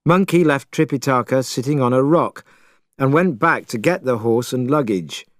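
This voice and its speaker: A man narrating a storybook chapter in a measured, expressive way. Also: medium pitch, no echo, studio quality.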